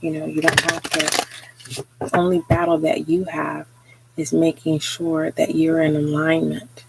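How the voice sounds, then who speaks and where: A tarot reader giving a live spiritual reading, talking slowly and earnestly with frequent pauses and fillers. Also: mid-range voice, monotone, vocal fry, a little hiss or hum, low-quality recording. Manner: slow, hesitant, many pauses and fillers; earnest, encouraging.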